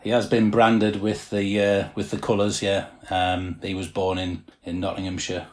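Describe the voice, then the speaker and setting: A man's voice: sits low, monotone, normal speed. A middle-aged man with a slight North East English accent, chatting politely as a podcast guest. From North East England. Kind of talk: casual podcast chat.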